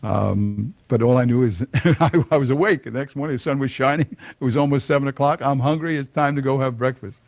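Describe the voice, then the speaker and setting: A man's voice: medium pitch, a little fast, vocal fry, few pauses, a little mellow, no echo. An older man telling a personal conversion story to an audience, folksy and chuckling often. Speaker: speaker giving a personal testimony.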